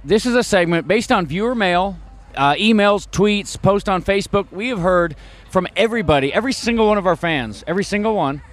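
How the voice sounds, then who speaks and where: A man's voice: high-pitched, a little fast. A man hosting a show outdoors at a motorcycle rally, teasing guests with jokes. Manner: wisecracking, teasing. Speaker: host. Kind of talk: joking casual interviews.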